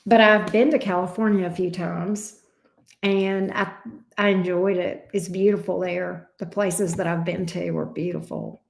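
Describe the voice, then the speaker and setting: A woman's voice: fairly low pitch, fairly even intonation, measured pace, gravelly. A woman with a Southern US drawl, chatting casually with viewers as a tarot reader hosting a livestream and calling them pet names. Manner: chatty, uses endearments like babes and love bug. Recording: echoey room sound.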